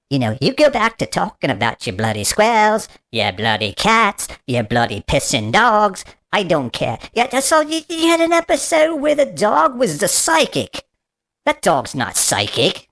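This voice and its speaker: A man's voice: a little high, wildly swooping pitch, unhurried, fairly bright tone, pitched above the performer's own voice, exaggerated voice. A man voicing a cranky male protester with a put-on British-style accent, grumbling and complaining. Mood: scornful. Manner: grumpy, complaining, repeats "bloody".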